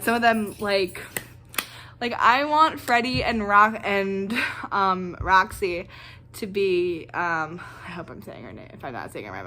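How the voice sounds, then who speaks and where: A young woman vlogger ranting casually and excitedly, rambling with lots of fillers. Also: medium pitch, a little hiss or hum. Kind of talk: casual reaction rant.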